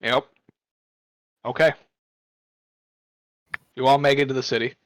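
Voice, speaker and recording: Man, game master, matter-of-fact, mid pitch, dry recording. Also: little pitch movement, unhurried, dry recording. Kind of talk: running a tabletop game.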